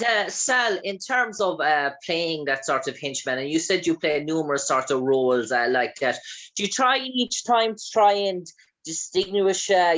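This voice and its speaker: A man's voice: on the high side, low-quality recording. Male host, long winding questions, lots of "uh" and "sort of". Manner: long rambling questions with many fillers. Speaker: interview host. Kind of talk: interview questions.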